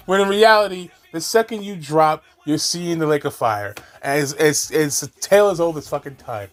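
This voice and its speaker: A man's voice: on the high side, normal speed, few pauses. A man hosting a reaction commentary, ranting in a profane, exasperated, mocking way. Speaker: commentary host.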